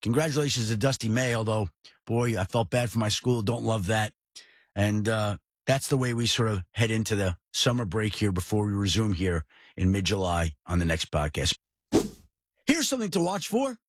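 A middle-aged man from the New York area hosting a sports podcast, telling stories in an animated, emphatic way. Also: on the low side, normal speed, no room sound, studio quality. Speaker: podcast host. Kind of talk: casual sports talk.

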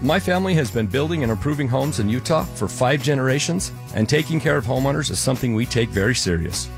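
A man's voice: mid-range voice, animated, quick pace, gravelly. A man giving an earnest, scripted radio ad read as a company owner. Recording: music bed under the voice.

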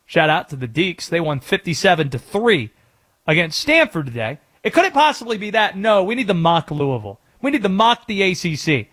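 A man's voice: a little high, sing-song, normal speed, a bit bright, slightly rough. A man hosting a sports talk radio show, sarcastic and mocking in an opinionated rant.

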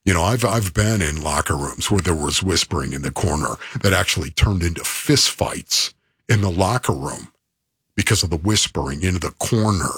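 A man's voice: low-pitched, expressive, normal speed, a bit bright, breathy edge, no echo, studio quality. A man co-hosting sports talk radio, emphatic and repetitive in a preacher-like way.

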